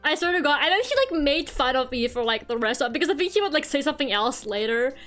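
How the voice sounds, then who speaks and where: High-voiced chatty young woman streamer. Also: sing-song, fast talker, fairly bright tone, faint music behind. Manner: chatty, self-mocking, laughs often. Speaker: VTuber streamer. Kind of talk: casual stream chat.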